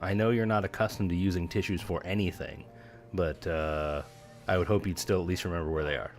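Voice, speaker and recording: A man with a low voice hosts a casual reaction show. He talks loud and mocking and trash-talks the people he watches. Faint music plays behind him. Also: steady tone, brisk. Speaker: commentary show host.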